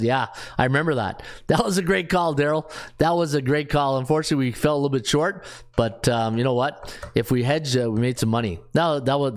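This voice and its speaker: Guy doing his betting picks, kinda high voice, lots of uh and um while he reads stats. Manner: thinks aloud, reads off stats with frequent fillers. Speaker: sports betting show host. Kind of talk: casual sports picks rundown.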